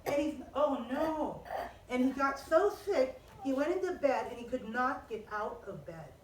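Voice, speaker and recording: Storyteller: high, lively woman teaching kids, distant and echoey. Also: unhurried, a little hiss or hum. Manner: animated, expressive, asks the children questions. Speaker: children's Bible teacher. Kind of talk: storytelling to children.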